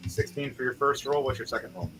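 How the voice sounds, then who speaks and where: A man's voice: mid-range voice, expressive, fast, a bit bright, rough recording. A man narrating as game master of a tabletop game, describing combat in graphic, profane detail. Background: music playing.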